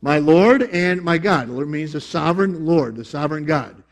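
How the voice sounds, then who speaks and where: A man preaching a sermon to his congregation, animated, with emphatic bursts and jokey asides. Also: fairly high pitch, moderate pace. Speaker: pastor.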